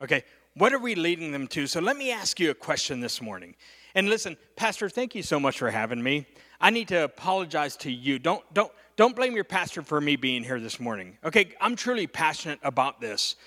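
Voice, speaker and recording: A middle-aged man preaching a storytelling sermon with a bright, forceful edge to his voice. He talks in an animated, conversational way, tossing in "okay" again and again. The sound carries a long reverb from a large church hall. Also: on the high side, brisk. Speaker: guest preacher.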